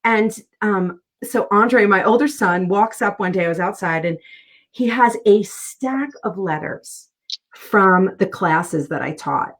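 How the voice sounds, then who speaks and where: An earnest middle-aged woman speaks as a guest in a relaxed interview, telling personal stories in a heartfelt, conversational way. Her voice sits at an ordinary pitch for a woman. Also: slow pace.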